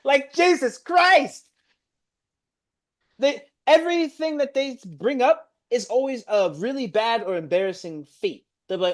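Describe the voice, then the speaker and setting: Young New man, dramatic ranter, lively up-and-down delivery. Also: very high-pitched, measured pace. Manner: exasperated, ranting, swings from mumbled gloom to loud outbursts. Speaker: co-host reacting to football. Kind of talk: casual ranting reaction stream.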